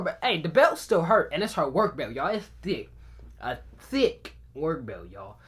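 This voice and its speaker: Animated young man telling a storytime. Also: sits high, moderate pace. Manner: animated, talks straight to viewers. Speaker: vlogger. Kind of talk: casual storytime.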